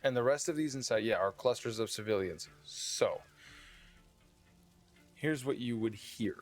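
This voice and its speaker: A man's voice: medium pitch, measured pace, faint music behind. A man narrating a tabletop game as dungeon master, describing the scene with frequent fillers and restarts.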